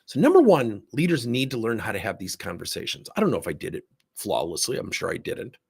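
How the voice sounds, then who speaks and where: A middle-aged man with a gravelly, husky voice coaching on leadership. He tells workplace stories and acts out both sides of each exchange, and his pitch swings widely. The delivery is animated and lively. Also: fast. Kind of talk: livestream talk with acted anecdotes.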